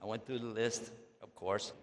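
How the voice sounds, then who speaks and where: A man's voice: lowish voice, steady tone, normal speed. An older man with a Texan accent, telling stories in a folksy, joking way to an audience as an Islamic preacher. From Texas. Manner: folksy, joking, drawling asides. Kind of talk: storytelling lecture to an audience. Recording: long echo of a large hall.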